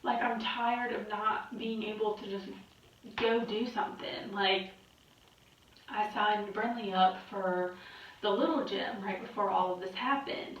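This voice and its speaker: A woman's voice: medium pitch, fairly even intonation, a little slow, fairly bright tone. A young adult woman talking candidly in a personal vlog, weary and exhausted, rambling and swearing. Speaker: vlogger. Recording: very echoey, distant, muffled.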